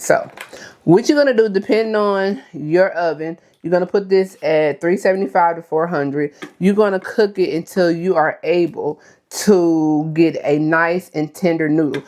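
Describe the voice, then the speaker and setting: A woman, her voice sitting fairly low. She talks through a cooking demonstration in a loose, chatty way. She keeps checking in with her viewers. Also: normal speed, darkish tone. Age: 30s. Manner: chatty, addresses viewers as y'all, frequent okay. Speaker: cooking vlogger.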